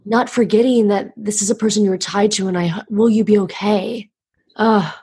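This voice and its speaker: Woman, interview host, casual, empathetic, animated reactions, husky voice. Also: medium pitch, moderate pace.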